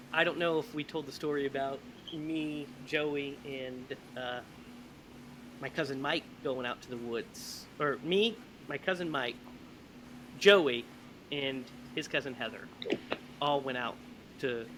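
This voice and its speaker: A man hosting a podcast, telling stories in a lively, animated way. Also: medium pitch, takes it slowly, long pauses, background noise. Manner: animated storyteller, laughs often. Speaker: podcast host. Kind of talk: casual chat.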